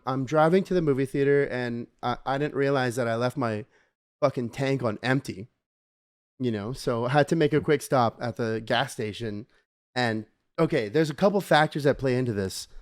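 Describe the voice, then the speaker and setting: A man's voice: medium pitch, normal speed, smooth, no echo. Young guy rambling thru a story on a podcast, lots of likes and dudes, dry close mic. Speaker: podcast co-host. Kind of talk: casual chat.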